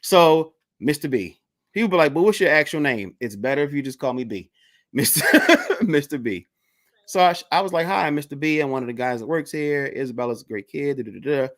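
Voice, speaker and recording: A man hosting a video-call interview, telling a story in a casual, animated way and acting out the people in it. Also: fairly high pitch, fast talker. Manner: animated, acts out the voices in his stories.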